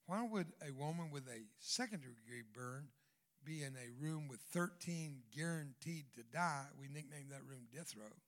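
An older man with a Southern American drawl, preaching as a guest speaker. His voice sits a bit high for a man. He tells his story dramatically, dropping almost to a murmur and then rising to loud, punchy lines with quick jokes thrown in. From Southern United States. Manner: dramatic, swings from hushed to loud, joking asides. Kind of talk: storytelling sermon.

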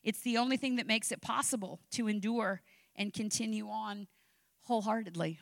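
A woman's voice: medium pitch, moderate pace, gravelly, no room sound. A middle-aged woman delivering a sermon on a podcast, mixing personal stories with impassioned encouragement. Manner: animated preaching with personal anecdotes, rising to impassioned exhortation.

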